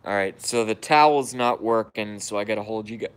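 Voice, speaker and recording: A man's voice: fairly low pitch, a little fast, clear, resonant tone. A man casually chatting on a live stream, grumbling and cursing at himself. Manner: profane, self-deprecating grumbling. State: hiccups.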